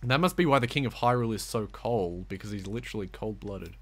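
A man giving rambling, goofy gameplay commentary, baby-talking to the game's wolf and swinging from soft mumbles to loud excited outbursts. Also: lowish voice, quick pace. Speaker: gameplay streamer.

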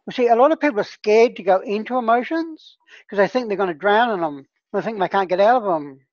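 A woman's voice: medium pitch, animated, fairly quick, darkish tone, no echo. Earnest woman healer on a dull call. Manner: earnest, conversational, often checks in with "right?". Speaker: plant medicine healer leading a discussion group. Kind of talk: casual teaching talk to an online group.

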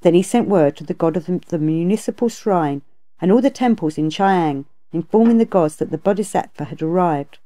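A woman narrating a classic tale as an audiobook reader, in a steady, even reading. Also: on the low side, fairly quick. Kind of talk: scripted storybook narration.

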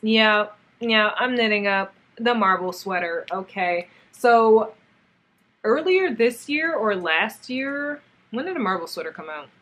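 A young woman casually chatting in a crafts vlog, gushing and excitable as she shows off yarn and talks to it and her viewers. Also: medium pitch, unhurried. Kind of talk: casual haul vlog chat.

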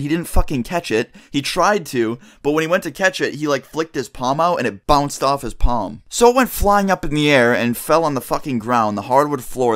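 Young dude vlogging, rambly storytime, swears a lot, says like every other word. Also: male voice, medium pitch, a bit bright. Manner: rambling and profane, heavy use of "like". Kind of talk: casual storytelling to camera.

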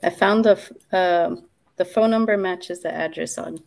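A woman making sales calls, calm and matter-of-fact as she works through a list. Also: fairly low pitch, moderate pace, vocal fry, rough recording. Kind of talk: casual work chat.

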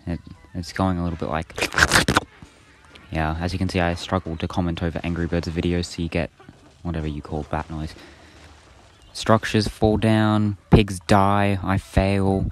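A man's voice: sits low, little pitch movement, moderate pace, slight background noise. A man giving casual, self-mocking gameplay commentary in a dry, sarcastic manner, joking about his own failures. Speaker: gaming video creator. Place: indoors with birds outside.

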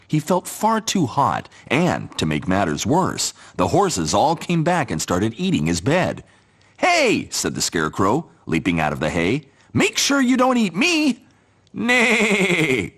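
Breathy male children's story narrator. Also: deep voice, moderate pace, few pauses. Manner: gentle, expressive.

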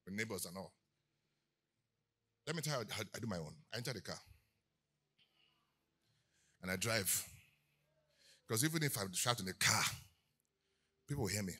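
A man preaching a sermon as pastor, moving between quiet teaching and loud shouted declarations. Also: fairly low pitch, husky.

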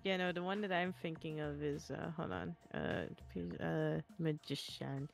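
A woman's voice: low-pitched, lively intonation, normal speed, creaky, soft background music. A woman in casual chat with friends, rambling with laughs and casual swearing. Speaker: artist streamer chatting with friends.

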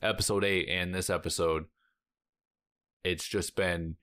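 A man's voice: low-pitched, fairly even intonation, a little slow, fairly bright tone, clear, resonant tone. Male reaction vlogger, casual rambling chat, lots of "like," sighs and exclamations. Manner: rambling, heavy use of filler "like"; emotional, sighing and exclaiming. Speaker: reaction channel host.

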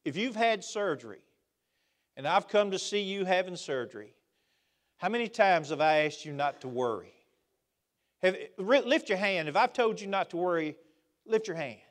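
A man's voice: high-pitched, expressive, moderate pace, pauses often. Emphatic preacher man. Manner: emphatic preaching that swings between loud outbursts and quiet asides. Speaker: pastor. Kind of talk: sermon. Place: church sanctuary.

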